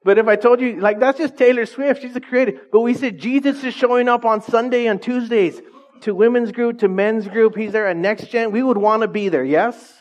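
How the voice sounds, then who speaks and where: A man's voice: extremely high pitch, moderate pace. A man preaching a casual, conversational sermon to a small church, joking and speaking straight to the congregation. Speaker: pastor. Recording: dull lo-fi recording.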